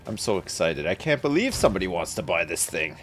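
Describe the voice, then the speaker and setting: A man hosting a live gameplay stream, chatting casually and tripping over his words when excited. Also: deep voice, fairly quick, faint music behind. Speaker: streamer host.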